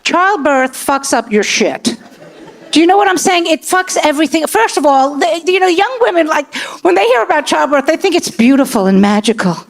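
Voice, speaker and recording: A woman's voice: high voice, animated, normal speed, a little hiss or hum. A woman doing profane stand-up comedy with crowd work on a comedy club stage. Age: 60s. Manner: brash, profane storytelling. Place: comedy club stage before a live audience.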